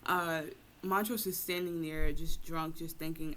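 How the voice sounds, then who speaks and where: A woman's voice: deep voice, measured pace, a little hiss or hum. A woman co-hosting a podcast, recapping a TV episode in casual, slangy chat and acting out the characters' lines as she goes. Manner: animated, slangy retelling with acted-out quotes. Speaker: podcast co-host.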